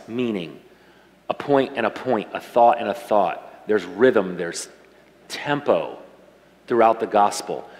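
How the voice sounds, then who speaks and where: Conversational male pastor in echoey hall. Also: fairly low pitch. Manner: conversational, emotional, speaks to congregation directly. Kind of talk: sermon. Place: church sanctuary. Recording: reverberant church hall.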